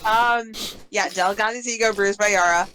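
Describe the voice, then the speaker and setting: A woman game master recapping the last session of a tabletop campaign in a relaxed way, laughing often between lines. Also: mid-range voice, normal speed, noisy background.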